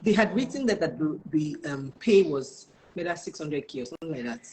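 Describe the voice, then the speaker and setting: A woman with a Nigerian accent, a guest telling a story in an interview, animated and quoting what people said with lively exclamations. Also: low voice, moderate pace. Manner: animated storyteller who quotes dialogue with exclamations.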